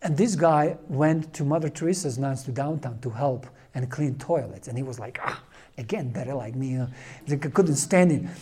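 Earnest man with a mellow voice. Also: fairly high pitch, breathy edge. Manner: earnest, halting, with many fillers and restarts. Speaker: lay Catholic speaker. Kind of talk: informal religious talk.

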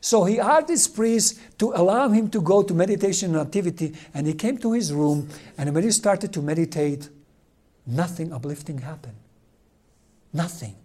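Male preacher, warm low timbre, storytelling sermon with slow emphatic phrasing and hushed drops.

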